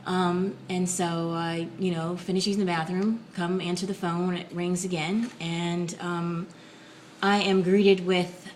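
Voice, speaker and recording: A woman talking softly and casually to camera in a home video blog, with frequent ums and pauses. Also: fairly low pitch, steady tone, slight background noise, poor audio. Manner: soft-spoken, many ums and pauses. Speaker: vlogger. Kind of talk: casual reflective talk to camera.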